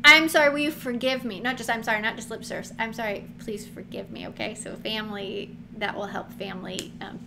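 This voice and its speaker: High-voiced woman teaching Bible, chatty. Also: fairly quick, hardly any pauses. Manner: chatty, animated, laughs often, acts out quotes. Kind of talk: casual Bible teaching to camera. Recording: noticeable background noise.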